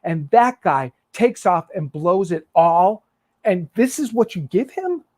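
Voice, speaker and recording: A man's voice: sits high, sing-song, takes it slowly, darkish tone, no room sound, heavily acted. A man voicing a resentful, dutiful older brother who speaks in an indignant, accusing way.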